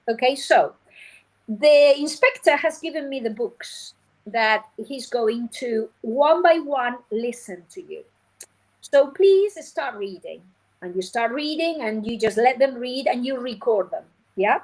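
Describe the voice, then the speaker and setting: High-voiced woman teacher trainer. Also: unhurried, low-quality recording. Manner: lively, acts out classroom scenes. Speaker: phonics teacher trainer, guest. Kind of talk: animated teaching talk.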